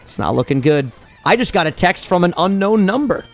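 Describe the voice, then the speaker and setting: A young man co-hosts a gaming let's-play, trash-talking his partner and hyping every move. His voice sits high and swoops widely, with a gravelly edge. Faint music plays underneath. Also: sing-song, a little fast. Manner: trash-talking, hype, joking. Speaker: co-host. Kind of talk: playful let's-play commentary.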